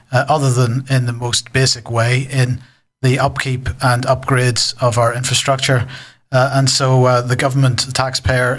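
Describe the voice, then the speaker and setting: A man's voice: medium pitch, fairly bright tone. A male presenter giving unscripted, critical news commentary, with fillers and self-corrections.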